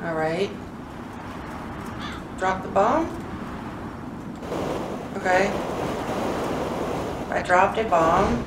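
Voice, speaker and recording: A woman's voice: medium pitch, very animated, very slow, long pauses. Cursing woman gamer in an echoey room. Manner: talks to herself, frustrated, swears often. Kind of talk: let's play commentary. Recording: echoey, distant mic, loud background noise.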